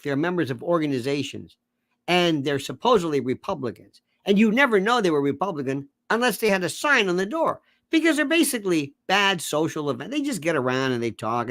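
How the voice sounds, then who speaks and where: Mocking and sarcastic, this male political commentator rants with a swooping, lively delivery that leaps between shouting and muttering, slipping in quick impressions of others. He's recorded close to the mic in a dry space without any room sound.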